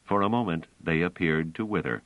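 A man narrating a science fiction audiobook in an expressive storytelling manner. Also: sits low, brisk, no room sound. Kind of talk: scripted narration. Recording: dull, dry audio.

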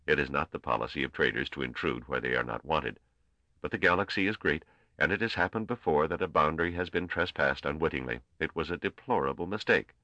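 A man reading an audiobook voices a male trader who pleads in a quiet, careful, formal way. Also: very deep voice, fairly quick, no room sound, lo-fi sound, exaggerated voice. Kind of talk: audiobook character voice.

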